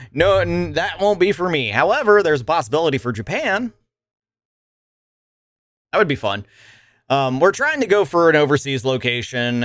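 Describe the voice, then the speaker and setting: A man's voice: medium pitch, a bit bright, no echo. A young man streaming live, chatting casually to his viewers, rambling and swearing freely with frequent laughs and restarts. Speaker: livestreamer.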